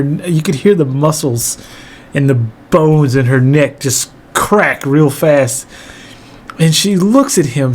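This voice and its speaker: Guy telling a funny story, kinda high voice, laughs a lot, cusses casually. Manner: animated, laughing, profane. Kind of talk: comedic storytelling monologue.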